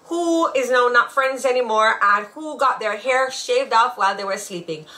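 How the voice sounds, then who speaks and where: Bright, chatty woman. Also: fairly high pitch, moderate pace. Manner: chatty, laughing storyteller. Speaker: podcast co-host. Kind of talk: casual chat.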